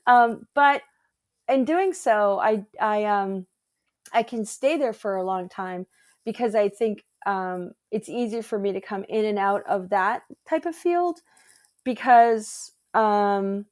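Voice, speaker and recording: A woman guest, an energy healer, chatting casually and telling stories with lively acted-out quotes. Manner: animated, acts out quotes in a higher voice. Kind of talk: casual storytelling chat.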